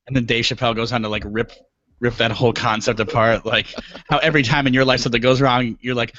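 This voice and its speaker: A man's voice: mid-range voice, steady tone, fast talker, fairly bright tone, no echo. A man co-hosting a podcast in casual chat, talking in a dry, matter-of-fact way. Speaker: podcast co-host. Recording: dull lo-fi dry sound.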